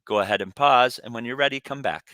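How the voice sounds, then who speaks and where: A man teaching a recorded Spanish lesson, saying each word in English and Spanish and pausing for students to repeat. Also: mid-range voice, sharp tone, no room sound. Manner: pronounces words for students to repeat.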